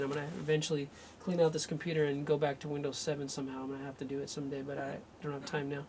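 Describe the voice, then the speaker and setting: Running a live remote healing session, this male energy healer and radio host talks very fast with few pauses in a completely flat, fairly high voice. His tone is darkish, there's a slight hiss or hum, and he thinks aloud, cutting off mid-sentence.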